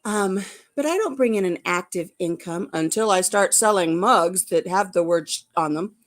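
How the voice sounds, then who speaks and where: A woman's voice: lowish voice, moderate pace, soft background music. An older woman hosting a casual live-stream chat, chatty and laughing easily at herself. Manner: chatty, laughing, self-deprecating. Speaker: vlog host.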